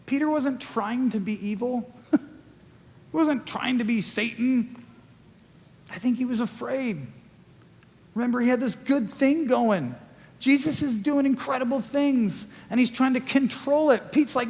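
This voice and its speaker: A male pastor preaching a sermon in a conversational way, acting out quick quoted asides. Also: extremely high pitch, darkish tone. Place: church sanctuary. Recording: long church hall reverb.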